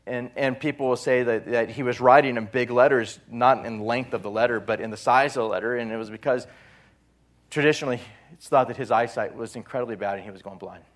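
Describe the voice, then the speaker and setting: A man preaching a sermon as pastor, swinging from loud emphasis to soft, quiet lines and repeating phrases. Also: medium pitch, steady tone, brisk.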